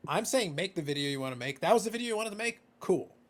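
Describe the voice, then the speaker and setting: A male podcast host chatting casually, animated and playful, often repeating words as he starts a thought. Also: high voice, fast talker. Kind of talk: casual conversation.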